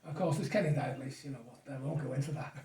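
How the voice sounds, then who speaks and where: A man's voice: medium pitch, fast, warm tone, recorded from a distance. A man, a guest reminiscing in rambling, chuckling stories. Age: 60s. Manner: rambling storyteller, chuckles often. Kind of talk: casual reminiscing chat. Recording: echoey room, off mic.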